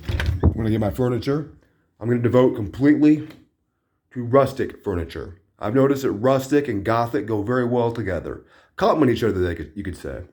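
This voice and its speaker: A man's voice: medium pitch, animated, a little fast, a little mellow. A man vlogging a casual tour of his new place, talking in a dry, sarcastic way. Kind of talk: casual home tour narration.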